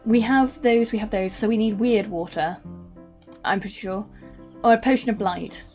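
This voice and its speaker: A woman's voice: medium pitch, normal speed, darkish tone, faint music behind. A young British woman streaming a game, rambling and chatting casually with some swearing. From United Kingdom. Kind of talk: casual gaming stream chat.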